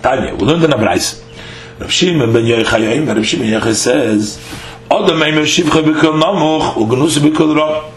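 A man giving a Talmud lesson, reading each line aloud, then explaining it in English with frequent "uh" fillers. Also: fairly high pitch. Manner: reads Aramaic lines then explains, with halting fillers. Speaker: Talmud teacher. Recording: echoey room with faint hum.

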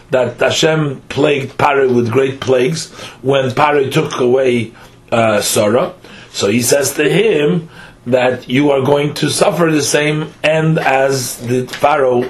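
A man's voice: mid-range voice, measured pace. Man teaching a verse-by-verse Torah lesson.

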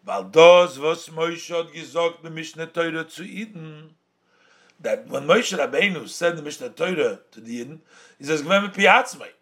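A man with a slightly high, fairly bright and expressive voice, speaking at a normal speed and somewhat raised, teaches a Torah text in a Talmudic-style lesson. He reads a phrase, translates it, then restates the point in a sing-song cadence, slipping Yiddish and Hebrew terms into his English.

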